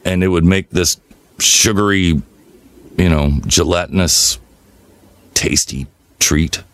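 A man co-hosting a podcast, telling rambling, profane stories in a relaxed, casual way. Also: low voice, slow. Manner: relaxed rambling storyteller, swears freely. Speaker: podcast co-host. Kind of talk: casual chat, storytelling.

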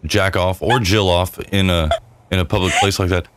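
A man's voice: sits low, steady tone, normal speed, a bit bright, dry recording. A man co-hosting a podcast, chatting casually in a joking, goofy, rambling way. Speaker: podcast co-host. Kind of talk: casual chat.

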